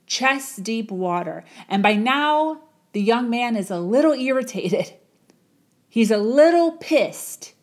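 A woman telling a motivational parable in a dramatic, repetitive storytelling manner. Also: a little high. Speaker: motivational speaker. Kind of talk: storytelling talk.

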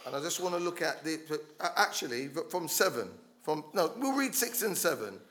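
A man delivers a sermon in a fairly high voice. He speaks with passion, stumbling over restarts, and builds to loud calls for his listeners to stand up. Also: sing-song, moderate pace. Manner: passionate, rising to loud exhortation with frequent restarts. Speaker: preacher.

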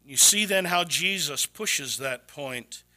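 A male pastor delivers a sermon in a church with a high, very bright and forceful voice. His preaching is dramatic, dropping to hushed near-whispers for emphasis, then rising to loud, high-pitched exclamations. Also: lively intonation, takes it slowly.

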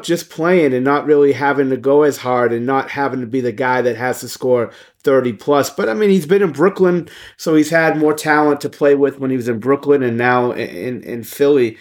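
A man co-hosting a casual sports podcast, blunt and profane, thinking aloud with lots of fillers. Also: fairly high pitch. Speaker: podcast co-host.

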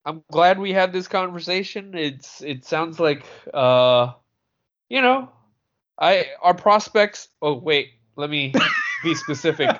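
A man co-hosting a podcast in casual chat, halting and full of fillers. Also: fairly high pitch, animated, fairly bright tone, muffled recording. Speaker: podcast co-host.

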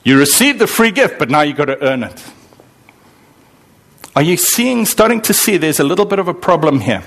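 A man's voice: on the high side, normal speed. A man preaching a sermon to a congregation, asking them questions and answering them himself, and acting out the voices of worried believers. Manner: animated, acts out voices of believers and God. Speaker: pastor.

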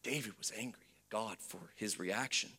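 A man preaching a sermon to a congregation, moving between loud fervent preaching and hushed storytelling, with playful asides. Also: lowish voice, moderate pace, slight background noise. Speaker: pastor. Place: church before a congregation.

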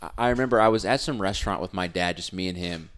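Animated man telling stories. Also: low-pitched, fast, slight background noise. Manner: animated storyteller, acts out quotes. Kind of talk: casual sports chat.

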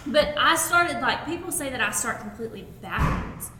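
Female podcast co-host, chatty and quick to laugh; slightly high voice, echoey room with clear background noise. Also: lively intonation, distant mic. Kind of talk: casual chat.

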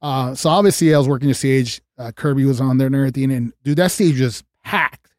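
A man, a guest on a casual podcast, telling a backstage story in a lively way, acting out what people said and swearing freely. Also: medium pitch, fast, no echo, clean studio sound. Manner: animated, acts out quoted dialogue, swears freely. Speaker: guest, former stage manager.

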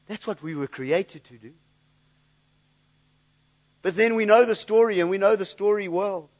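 Church pastor, man, high-pitched voice, earnest sermon delivery with stumbling repeats. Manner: earnest, repeats words when searching for them.

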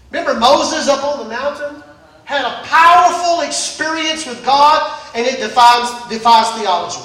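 A high, bright-voiced preacher delivering a Sunday sermon, repeating phrases and rising into shouts. The voice rings around a very echoey church and is picked up from a distance. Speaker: pastor. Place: church service.

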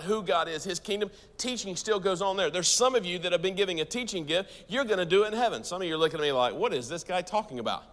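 A man with an American accent preaching a sermon to a church audience, talking fast and lively and turning to the crowd with questions. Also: high voice, long reverb tail. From United States. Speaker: pastor.

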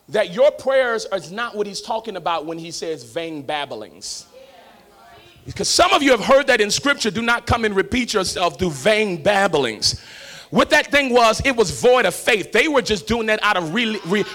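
A man preaching a sermon as pastor, swinging between shouted, sung-out lines and quiet, close talk, with a Black lilt. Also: sits high.

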